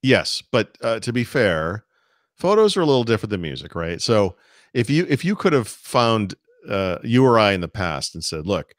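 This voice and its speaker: A middle-aged American man with a low voice talks through a casual podcast chat. He rambles and restarts often on a close, dry mic. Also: no room sound. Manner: rambling, many restarts and asides. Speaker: podcast co-host.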